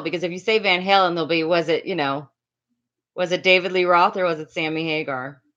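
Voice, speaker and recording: A middle-aged Miami-area woman with a fairly low, slightly bright voice tells a casual story to her livestream chat. She's chatty and rambling, reading out viewer names as she goes. The lo-fi audio sounds slightly dull.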